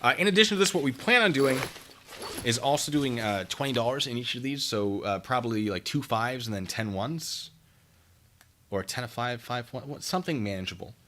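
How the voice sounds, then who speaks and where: Joking man with a lively voice. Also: medium pitch, brisk, slight background noise. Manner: joking, self-mocking, chatting with viewers while working. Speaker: streamer packing care kits. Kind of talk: casual live-stream chat.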